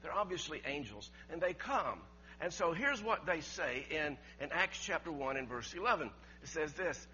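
A man delivers a sermon in a bright, somewhat high voice, pushing hard on key words and then dropping low. The recording is dull and lo-fi, with a faint electrical hum underneath. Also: big pitch swings, moderate pace. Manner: emphatic preaching, swings from loud to quiet. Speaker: pastor.

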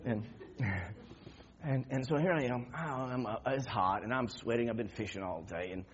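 Preacher with a husky voice. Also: male voice, normal speed, lo-fi sound. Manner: storytelling, swinging from low murmurs to loud shouted outbursts. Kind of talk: sermon.

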